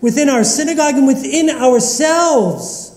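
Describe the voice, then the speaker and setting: A man giving a sermon as rabbi in a synagogue, asking slow, reflective rhetorical questions. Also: extremely high pitch, darkish tone. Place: synagogue sanctuary. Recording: echoey long reverb of a large hall.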